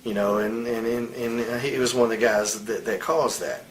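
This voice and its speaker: A man's voice: mid-range voice, steady tone, moderate pace, low-quality recording. Blunt, profane man telling heated stories. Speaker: interviewee, wrestler. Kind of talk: candid shoot interview.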